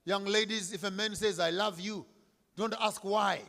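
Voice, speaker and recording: A man giving an impassioned speech at an event, declaiming with repeated lines and swinging from hushed to shouted. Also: high voice, steady tone, normal speed, gravelly. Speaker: speaker at a commemorative event. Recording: reverberant hall.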